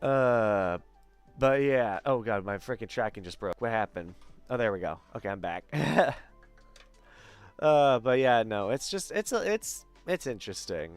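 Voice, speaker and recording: A man's voice: mid-range voice, lively intonation, measured pace, clean tone, soft background music. A man hosting a casual chat show, talking chattily with many fillers and frequent laughs. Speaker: host.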